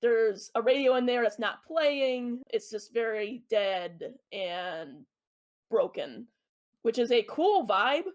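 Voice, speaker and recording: Co-host, woman, slightly high voice, chatty explainer, lots of ums. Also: expressive, slow. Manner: explains at length with many ums and uhs. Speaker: podcast co-host. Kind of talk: casual chat about a video game.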